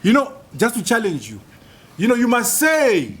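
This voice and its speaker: A man's voice: sits high, wildly swooping pitch, a little fast, fairly bright tone, slightly rough. A man from Zimbabwe, giving a university public lecture in an emphatic style, stacking up points in rhythmic lists and repetitions. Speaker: guest lecturer. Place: lecture hall.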